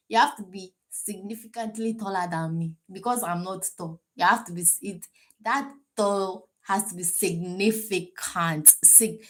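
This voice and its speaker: A young Ghanaian woman with a Ghanaian accent, telling stories to camera in a chatty, animated way and laughing between remarks. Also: mid-range voice. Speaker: vlogger. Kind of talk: casual storytelling to camera. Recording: echoey room.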